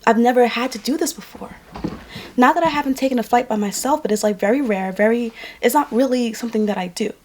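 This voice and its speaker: Woman vlogger, fairly high voice, worn out, tells a personal story to camera, leans on repetition for emphasis. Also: fast, a little mellow. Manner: emphatic, repeats lines for effect. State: tired. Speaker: vlogger and makeup artist.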